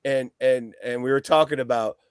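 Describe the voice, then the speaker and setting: A man's voice: mid-range voice, steady tone, moderate pace, clear, resonant tone, dry recording, studio quality. A man guest on a podcast chatting casually about a record, rambling, swearing and laughing often. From East Coast of the US. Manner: rambling, profane, laughs a lot.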